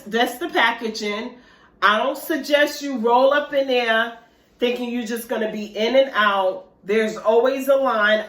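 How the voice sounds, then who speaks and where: A woman with a fairly high pitch and fairly bright tone chats with viewers in her eating vlog as a mukbang vlogger. She's talkative and casual, addressing them straight on with "y'all," in a recording with roomy echo.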